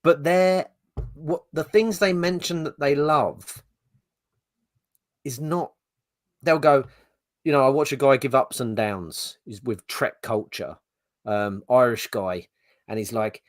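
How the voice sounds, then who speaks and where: A man's voice: mid-range voice, slow, pauses often, dry recording. A middle-aged man in a casual podcast chat, venting and grumbling with frequent swearing. His voice sits mid-range, close and dry with no room around it. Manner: ranting, exasperated, swears freely. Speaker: podcast co-host.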